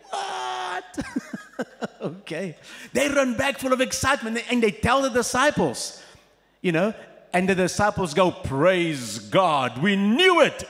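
A man preaching an Easter sermon as pastor, telling the story in an animated way and playing out the voices of the people in it. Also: sits high, long reverb tail. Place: church hall.

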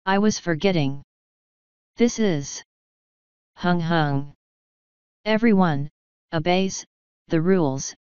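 A woman's voice: lowish voice, slow, long pauses, darkish tone, clear, resonant tone, no room sound, highs cut off. A woman voicing a nervous, cowardly male wizard, asking flustered questions in a storybook reading. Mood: resigned.

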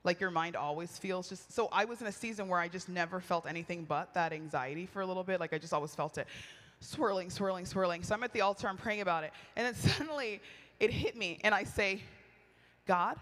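A woman speaking at a women's retreat, telling personal stories in a lively, chatty sermon style, often laughing and acting out what people said. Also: on the low side, a little fast. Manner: animated, chatty, laughs often, acts out quoted lines. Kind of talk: storytelling sermon. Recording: long hall reverb.

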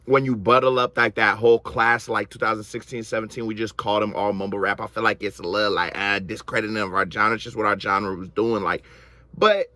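A man's voice: lowish voice, steady tone, brisk, pushed and bright, no room sound. A man casually reacting to rap videos, talking in a loose, slangy, rambling way with many restarts.

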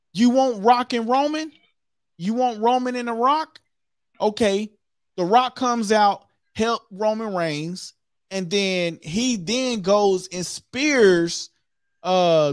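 A co-host in a casual wrestling chat, telling things in an animated way and acting them out with sound effects. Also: mid-range voice, takes it slowly, dry recording, studio quality. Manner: animated, acts out what happened with sound effects.

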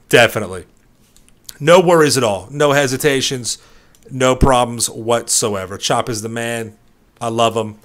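A man's voice: medium pitch, moderate pace, a bit bright. A young man giving playful gameplay commentary, hamming up a mock-dramatic story with streetwise slang. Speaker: gaming YouTuber.

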